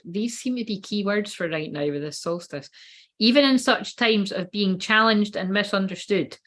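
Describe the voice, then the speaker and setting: A woman in her late thirties reads oracle cards on a casual live stream, her mid-range voice fairly bright. She rambles, swears freely, and cuts herself off mid-sentence.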